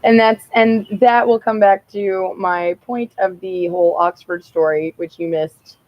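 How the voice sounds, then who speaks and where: A young woman vlogging outdoors, telling a rambling story in a casual, profane, animated way and laughing often. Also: mid-range voice, a little slow, no room sound, highs cut off.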